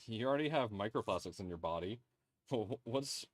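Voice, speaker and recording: A man's voice: on the low side, expressive, a little fast, no room sound. A tired man hosting a livestream, joking casually and swearing freely, with faint music behind him. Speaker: livestream host. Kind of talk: casual chat.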